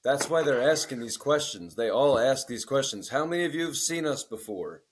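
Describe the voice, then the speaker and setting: Husky-voiced man in his forties telling stories. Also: medium pitch, brisk. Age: 40s. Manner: profane, animated storyteller acting out quotes. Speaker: podcast co-host. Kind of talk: casual chat.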